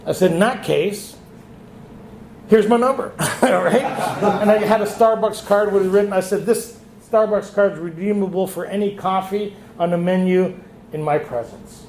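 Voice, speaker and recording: A man's voice: high-pitched, moderate pace, a little mellow, slight background noise. A man sharing his story at a recovery retreat, acting out the dialogue he quotes. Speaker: retreat speaker. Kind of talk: recovery meeting share. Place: meeting hall. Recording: echoey room.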